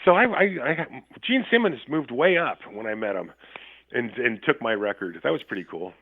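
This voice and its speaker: A man's voice: mid-range voice, expressive, normal speed, dry recording. A man talking as a guest musician in a radio interview, telling loose, profane anecdotes with laughs mixed in. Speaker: band member guest. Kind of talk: casual interview storytelling. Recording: tinny phone line.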